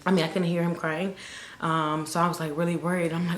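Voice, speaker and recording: Casting note: young woman, storytime vlogger, fairly low voice, echoey room. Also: fairly quick, slight background noise. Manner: animated storyteller, acts out quotes. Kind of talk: casual storytime. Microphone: camera mic.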